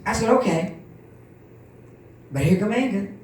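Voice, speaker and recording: A woman minister giving an animated church testimony, acting out the voices of the people in her story. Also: mid-range voice, unhurried, slight background noise. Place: church hall. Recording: echoey room from far off.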